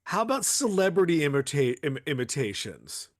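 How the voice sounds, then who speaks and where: Male podcast co-host, animated pitch, halting, making a point. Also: no room sound, studio quality. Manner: halting, argues his point. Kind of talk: casual podcast chat.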